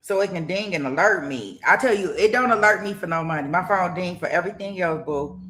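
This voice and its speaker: On the low side yet a bit bright, this middle-aged woman's voice moves briskly as she hosts a livestream about a trial. She talks directly and chattily to viewers, thanks donors, and rambles, restarting often and using lots of fillers.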